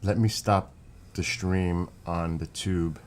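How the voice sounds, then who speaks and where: New York streamer guy, low-ish voice, rambling chatty delivery. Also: steady tone, slow pace. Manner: rambling, chatty, talks to viewers. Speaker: live streamer. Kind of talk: casual live-stream chat.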